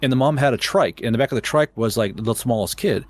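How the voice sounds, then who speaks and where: A man's voice: medium pitch, fast talker. A man from Oklahoma, ranting heatedly in a casual podcast chat, swearing often and stumbling over repeated words. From Oklahoma, USA. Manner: heated, profane ranting with many stuttered restarts.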